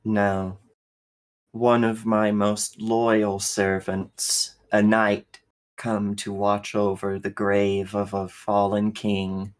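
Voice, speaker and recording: A man voicing a cold, hateful ancient female machine ruler in a tabletop role-play, with a slow, contemptuous, seething delivery. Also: on the low side, completely flat delivery, rough recording. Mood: seething contempt.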